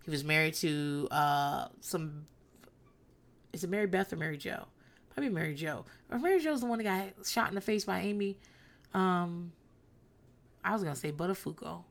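A woman's voice: on the low side, normal speed, gravelly, long pauses. A woman in her thirties hosting a solo podcast, telling stories bluntly and profanely with a rambling, candid delivery. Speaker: podcast host.

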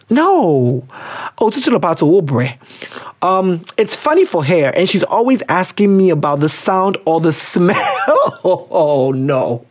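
Podcast host, theatrical, lively swooping pitch, laughs a lot. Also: measured pace. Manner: animated and theatrical, laughs often. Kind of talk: casual podcast chat.

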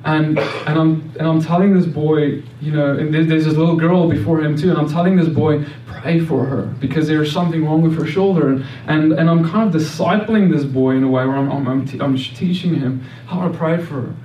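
A man's voice: fairly high pitch, fairly even intonation, fairly quick, hardly any pauses, dark tone, dull audio, slight background noise. Man sharing a faith testimony, earnest, tumbling restarts; recorded from a distance in a roomy space. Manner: earnest storytelling with frequent restarts and repeated words. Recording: roomy echo, mic at a distance.

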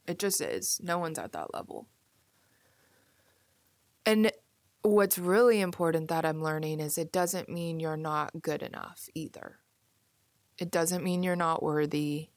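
A young woman hosting a solo podcast, musing casually with many "like"s and soft asides. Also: lowish voice, dry recording. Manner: casual, musing, filler-heavy with frequent "like". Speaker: podcast host. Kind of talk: reflective solo podcast monologue.

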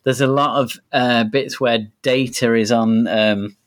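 A man's voice: medium pitch, steady tone, measured pace. A man in casual podcast chat who rambles, restarts often and laughs as he talks. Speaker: podcast co-host.

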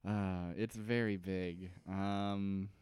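Smooth-voiced man recapping a show. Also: deep voice, drawn-out words, no room sound. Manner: animated, acts out characters in goofy voices. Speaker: podcast co-host. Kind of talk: casual chat recapping a TV episode.

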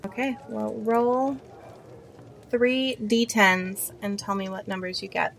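A woman's voice: mid-range voice, steady tone, slow, gravelly, a bit bright, slight background noise. A woman narrating as game master of a tabletop game, laughing often as she voices tavern folk.

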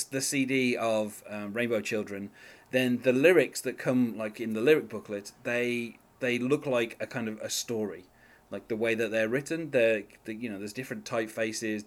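A man hosting a music podcast in casual chat, talking in a hesitant, rambling way with lots of fillers. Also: medium pitch. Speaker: podcast host.

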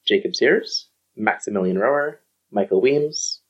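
A woman's voice: very deep voice, expressive, measured pace, husky. A woman co-hosting a casual comedic podcast, reading a long list aloud, stumbling over names and swearing. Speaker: podcast co-host. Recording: muffled lo-fi recording.

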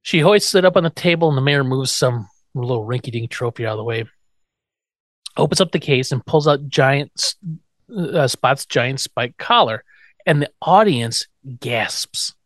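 A man co-hosting a podcast, casually recapping an episode in an animated, profane storytelling way. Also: medium pitch, normal speed, no room sound. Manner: animated storyteller, acts out quotes, swears freely. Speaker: podcast co-host.

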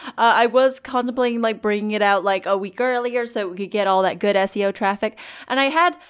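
An excitable woman, hosting a casual podcast and joking as she talks. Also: medium pitch, brisk, clean tone. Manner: excitable, jokey, trails off and restarts. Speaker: podcast host. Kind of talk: casual chat.

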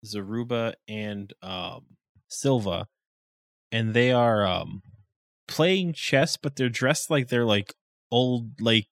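A man's voice: mid-range voice, takes it slowly, a bit bright, no echo. A man in casual podcast chat about an anime, rambling with lots of fillers in a laid-back way.

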